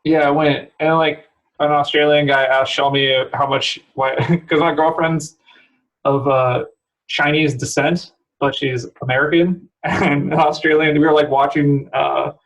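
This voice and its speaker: A young man from the San Francisco area, guesting on a podcast, speaks in a slightly high, bright voice with a level tone and an unhurried pace. In casual chat he tells rambling stories, laughing often and saying "like" constantly. The audio quality is poor.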